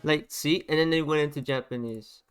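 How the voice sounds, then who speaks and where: A man giving a casual, animated rant about a song's production, often repeating himself as he points out sounds in the track. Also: fairly high pitch, moderate pace. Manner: animated, repetitive, talks over playing song. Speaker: music reaction youtuber. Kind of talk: casual ranting commentary over music. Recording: music under the voice. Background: music playing.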